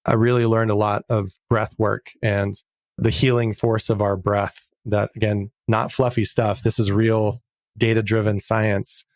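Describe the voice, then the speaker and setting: A middle-aged man talking as a podcast guest in a casual interview, earnest and reflective, slowing down to stress key words. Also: on the low side, flat delivery, no echo, clean studio sound.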